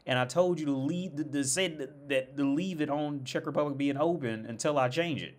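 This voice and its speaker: A man's voice: fairly high pitch, expressive, normal speed. A young American man tells a rambling, profane story in a casual rant, full of restarts and exasperation. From United States. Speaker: streamer.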